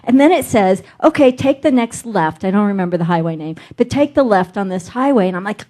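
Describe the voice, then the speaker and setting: A woman's voice: a little high, fairly quick, few pauses, darkish tone. A middle-aged woman minister delivering a sermon, telling a personal story and acting out her inner dialogue.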